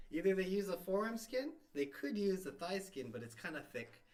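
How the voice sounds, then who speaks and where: A man with a slightly high voice chats loosely with his wife on their show. He rambles, loses his thread and laughs at his own remarks in a playful, easygoing way. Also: very animated, normal speed, darkish tone. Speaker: host's husband, co-host. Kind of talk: casual chat.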